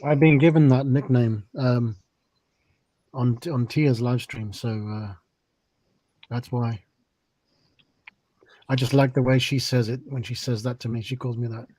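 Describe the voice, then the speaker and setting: A hesitant man chats on a live stream, pausing often with soft ums. His voice is mellow and warm at a middle pitch. The sound is dry and close. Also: fairly even intonation, no room sound. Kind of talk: casual chat on a live stream.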